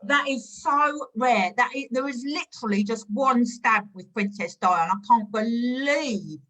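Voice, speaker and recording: A woman's voice: fairly high pitch, moderate pace, a bit bright. A woman playing a spiteful, sugary stamp collector. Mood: falsely sweet. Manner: gushing praise that sours into insults. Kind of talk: improvised comedy scene over video call. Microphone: video call.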